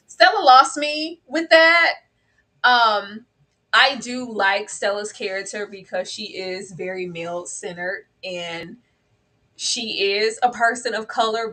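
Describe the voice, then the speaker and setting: A woman co-hosting a casual TV review chat, animated and dramatic, slipping into mock voices of characters. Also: medium pitch, low-quality recording. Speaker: co-host.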